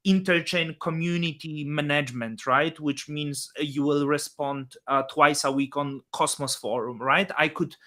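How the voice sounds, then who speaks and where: A man's voice: on the high side, flat delivery, a little slow, few pauses, pushed and bright. A man in casual talk, mocking and bluntly insulting, with loose non-native phrasing. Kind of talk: casual crypto chat.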